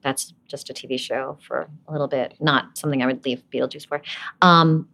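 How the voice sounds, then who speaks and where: Low-voiced Brooklyn-raised actress, laughing often. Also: female voice, brisk, vocal fry. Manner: laughs often, animated storytelling. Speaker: actress, interview guest. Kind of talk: casual interview chat.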